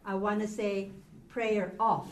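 Heard from a distance in a roomy space with faint noise, a woman patiently teaches Hebrew grammar and asks her class questions. She speaks slowly in a mid-range voice with fairly even intonation.

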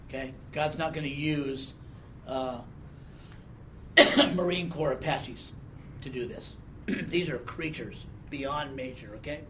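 Slightly high and unhurried, this man's voice is bright and forceful, with slight background noise. He teaches from the Bible in a conversational sermon, questioning the congregation and saying "okay?" frequently.

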